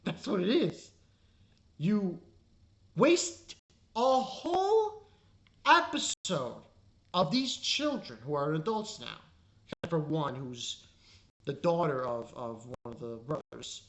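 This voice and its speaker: Exasperated woman ranting with swings in pitch. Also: big pitch swings, slow pace, pauses often. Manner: exasperated, ranting, swears freely. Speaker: anime reviewer. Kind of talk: casual review rant.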